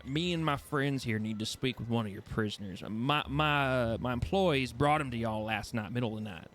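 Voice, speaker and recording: A man's voice: brisk, a little hiss or hum, close to an everyday voice. A man doing a weary, sighing townsman. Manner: sighing, offhand, lower and quieter than the narration. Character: weary man leading the group, world-tired.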